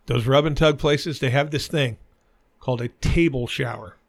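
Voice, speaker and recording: Give me a middle-aged man with a gravelly edge telling crude stories in casual chat. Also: mid-range voice, moderate pace. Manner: crude, animated anecdote-telling with frequent swearing. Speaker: podcast co-host.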